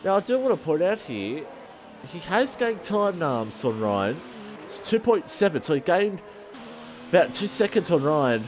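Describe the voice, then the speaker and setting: Over soft background music, a man calls a sim racing league race without rushing. Excitable and self-deprecating, he hits high notes whenever the battles tighten.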